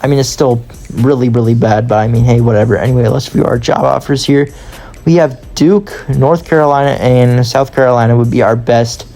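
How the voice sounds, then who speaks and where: A man's voice: mid-range voice, steady tone, fairly quick, dark tone, faint music behind. A man giving casual, rambling commentary on a football video game, with a voice strained from long recording and self-deprecating asides. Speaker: gaming YouTuber.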